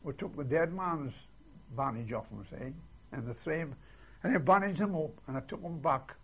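A man's voice: a little high, moderate pace, fairly bright tone, slightly rough, muffled recording. An older man, recalling his war service in a rambling way and often ending lines with "see", on an old archival recording. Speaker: war veteran interviewee. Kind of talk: oral history recollection.

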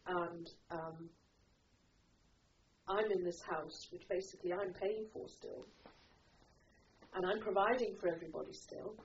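A woman's voice: lowish voice, fairly even intonation, unhurried, long pauses. A middle-aged woman telling a personal story, rambling, with many restarts and "you know"s. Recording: distant muffled recording with faint noise.

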